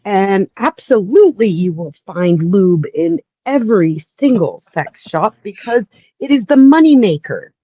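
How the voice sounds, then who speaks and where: A woman's voice: mid-range voice, animated, unhurried, mellow, no echo. A woman calling in to a livestream, explaining things in a matter-of-fact way. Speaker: call-in guest. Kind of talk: casual livestream chat. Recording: dull lo-fi call audio.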